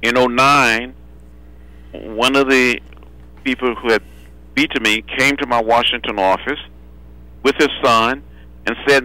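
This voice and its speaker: A man, a guest on a phone interview, speaking in a measured way and repeating phrases for rhythm. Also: medium pitch, fairly even intonation, bright, forceful tone, poor audio. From Alabama. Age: 70s. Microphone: telephone.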